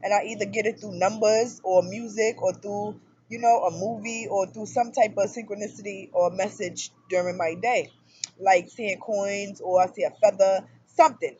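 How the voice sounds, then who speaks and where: A woman in her thirties talking casually to camera about her relationship, in an animated storytelling manner that jumps up loud for emphasis. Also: mid-range voice, normal speed, highs cut off, a little hiss or hum. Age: 30s. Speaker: spiritual vlogger. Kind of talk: casual personal monologue.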